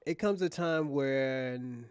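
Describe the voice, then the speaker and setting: A man's voice: mid-range voice, slow, clear, resonant tone, no echo, studio quality. A man hosting a commentary show, ranting bluntly and emphatically with frequent restarts.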